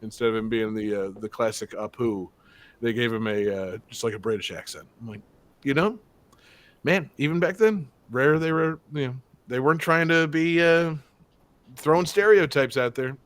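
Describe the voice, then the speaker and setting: A man's voice: medium pitch, moderate pace, no room sound. Rambling, swearing podcast host guy. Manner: rambling, swears freely, lots of fillers and jokey asides. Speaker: game show podcast host. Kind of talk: casual podcast banter.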